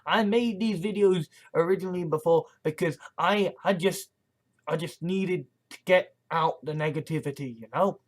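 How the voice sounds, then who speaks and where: A vlogger talking in a casual monologue, rambling and halting with many restarts and nervous laughs, earnest and agitated, with some swearing. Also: mid-range voice.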